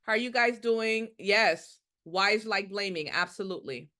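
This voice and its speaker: A woman's voice: medium pitch, moderate pace, sharp tone. A woman who is a nursing instructor leading a live quiz review, emphatic and repeating her key points with rhetorical questions.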